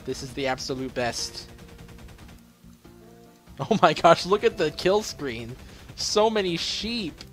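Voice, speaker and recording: Excitable young man gaming. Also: medium pitch, slow pace, pauses often, soft background music. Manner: exclaims and laughs often. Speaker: gaming channel host. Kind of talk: excitable gameplay commentary.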